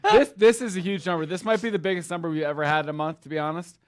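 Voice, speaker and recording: A man's voice: sits high, racing. A man co-hosting a live company sales meeting from a studio, reading names and thanking agents in a friendly, enthusiastic way. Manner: friendly and enthusiastic, laughs easily.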